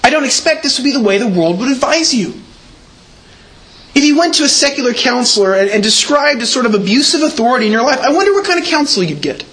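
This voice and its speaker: A man's voice: very high-pitched, very animated, fast, a bit bright. A man preaching a sermon as pastor, earnest and emphatic, leaning on repeated words.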